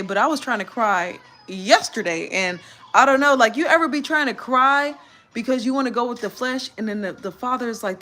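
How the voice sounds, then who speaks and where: A woman's voice: fairly high pitch, sharp tone. A tired woman giving a candid live-stream testimony, telling her story animatedly and using church slang. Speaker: vlogger.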